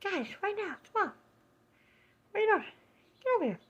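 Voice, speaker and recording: A woman voicing a bossy little bird that calls its friends over to eat, in a high squeaky call. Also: very animated, a little fast, lo-fi sound.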